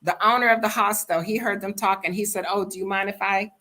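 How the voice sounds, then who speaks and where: A woman's voice: medium pitch, steady tone, fast, pushed and bright. An older woman from the United States, bluntly and animatedly telling a travel story to her vlog audience. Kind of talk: casual storytime monologue.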